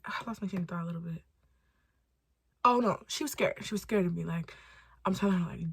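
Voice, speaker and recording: A young woman from Los Angeles telling a storytime vlog in casual, animated style, swearing freely and acting out quotes. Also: fairly low pitch, moderate pace, pauses often, breathy edge, no echo. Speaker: storytime vlogger.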